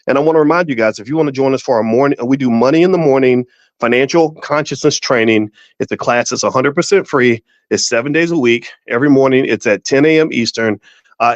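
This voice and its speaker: An emphatic finance educator and show host gives casual commentary straight to the camera, restarting repeatedly and telling stories with exaggerated voices. His voice is medium-pitched, and the recording is dull and dry with no room sound.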